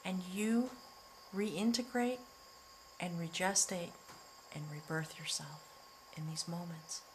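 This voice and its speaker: A middle-aged woman giving a spiritual tarot reading, earnest and emotional, slowly drawing out her words and sometimes dropping to a near whisper. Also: on the low side, steady tone, slight background noise, rough recording. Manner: earnest and emotional, often choked up, breaking into soft laughs; slow, drawn-out delivery with soft near-whispered words. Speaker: tarot reader.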